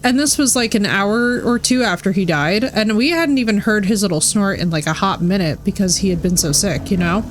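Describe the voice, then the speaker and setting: A woman's voice: medium pitch, brisk, hardly any pauses, slight background noise. A woman live-streaming a game in casual chat, swearing freely and filling her talk with "like". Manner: chatty, swears freely, says "like" constantly. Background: faint game music.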